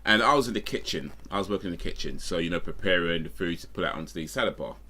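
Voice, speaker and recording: Racing along in a deep, expressive voice that sounds pushed and bright, a man tells a rambling story on his stream. He stops to correct himself, fills gaps with fillers, and constantly veers off into asides.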